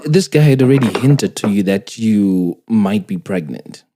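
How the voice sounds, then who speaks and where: A woman's voice: a bass voice, animated, mellow, slight background noise. A woman hosting a casual interview, listening closely with short affirmations and follow-up questions. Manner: slow, attentive, many short affirmations. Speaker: podcast host.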